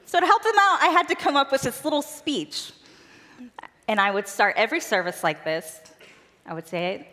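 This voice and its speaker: A woman's voice: on the high side, normal speed, sharp tone. A woman telling personal stories in an earnest, conversational way as a speaker at a church event. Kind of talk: personal storytelling talk. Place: church auditorium stage. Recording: long reverb of a large church hall.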